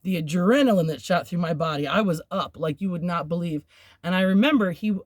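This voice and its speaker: A woman's voice: on the low side, fairly quick, no room sound, clean studio sound. A woman hosting a podcast, telling a personal story in a candid, rambling way, with filler words and nervous laughs. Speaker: podcast host.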